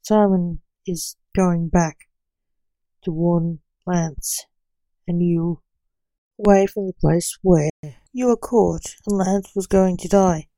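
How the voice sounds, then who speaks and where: A calm, measured timekeeper read by a woman, unhurried and steady. Mellow tone, dry close recording. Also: on the low side, no room sound, poor audio. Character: calm wise young male timekeeper.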